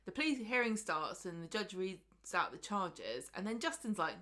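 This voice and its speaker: A woman's voice: medium pitch, big pitch swings, normal speed, pushed and bright. A woman co-hosting a podcast, chatting casually as she recaps a soap and acts out the characters' lines. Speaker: podcast co-host.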